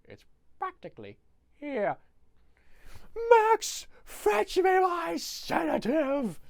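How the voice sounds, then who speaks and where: A man voicing the grumpy green Grinch in a comedic movie recap, with shrill, shouty outbursts. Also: big pitch swings, moderate pace, natural voice. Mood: weary, shouting. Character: grumpy furry green male Grinch, volatile.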